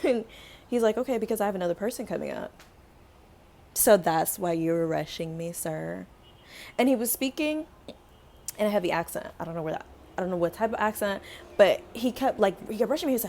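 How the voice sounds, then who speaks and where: A young woman vlogger chatting casually as she tells a story, acting out quotes with lively, dramatic flair. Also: mid-range voice, fairly quick, slight background noise. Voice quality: animated, dramatic retelling with acted-out quotes.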